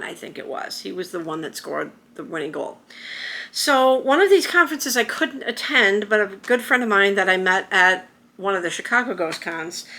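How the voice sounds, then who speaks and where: A woman's voice: mid-range voice, pushed and bright. A middle-aged woman vlogging to camera, telling a personal story in a rambling, emotional way with many restarts. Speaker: YouTuber.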